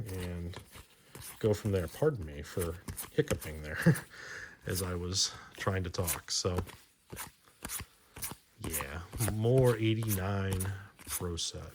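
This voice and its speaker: On his card-collecting channel, a man from Maryland, US, chats loosely while opening cards and sorting through old boxes, rambling with fillers and restarts. His low voice has lively intonation and an unhurried pace, with background noise audible.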